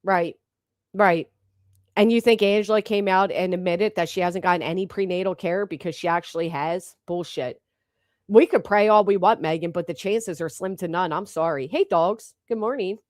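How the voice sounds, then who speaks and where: A woman's voice: fairly low pitch, moderate pace, darkish tone, no room sound, clean studio sound. A woman doing live-stream reaction commentary, blunt and mocking, swearing freely as she talks over clips.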